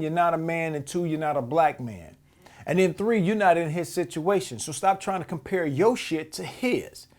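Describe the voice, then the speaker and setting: A man's voice: on the high side, a little mellow. A man hosting a podcast, giving heated, profane commentary on a clip and often repeating words as he restarts. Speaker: podcast host. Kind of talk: reacting to a clip, casual commentary.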